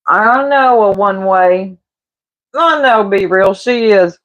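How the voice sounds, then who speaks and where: Slow-talking gossipy woman. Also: medium pitch, fairly bright tone. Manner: gossipy, laughing, teasing, addresses chat as y'all. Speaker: livestreamer chatting with viewers. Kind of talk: casual livestream chat while cooking.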